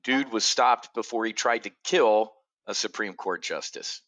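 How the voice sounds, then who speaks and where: Profane, sarcastic man with a bright edge. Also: unhurried. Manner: profane, sarcastic, swings from loud outbursts to low mutters. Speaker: trading show host. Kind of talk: ranting market commentary.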